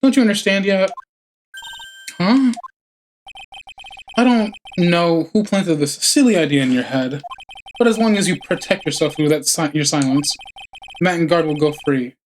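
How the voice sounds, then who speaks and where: A man voicing a cold, arrogant prosecutor who speaks in cool, deliberate sentences. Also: on the high side, slight background noise, close to an everyday voice. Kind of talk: game dialogue read aloud.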